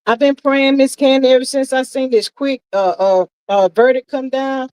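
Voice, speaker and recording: Hosting a casual livestream, a woman with a slightly high, steady, a little mellow voice reacts to viewer comments emphatically and with exasperation at normal speed. She sighs, drawls, and calls everyone "child" and "y'all". The recording is clean, dry and close, with no room echo.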